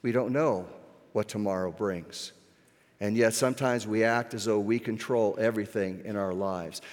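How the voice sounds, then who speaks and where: A man preaching a sermon as pastor, earnest, slowing down on key points, with occasional restarts. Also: on the low side, darkish tone. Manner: earnest, with restarts and slowed emphasis. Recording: echoey hall with long reverb.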